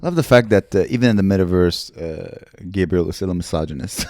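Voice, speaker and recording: Teasing, crude young man with lively pitch. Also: quick pace, no echo, studio quality. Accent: Montreal English. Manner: teasing, crude, laughs often. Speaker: podcast co-host. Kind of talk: casual comedic banter.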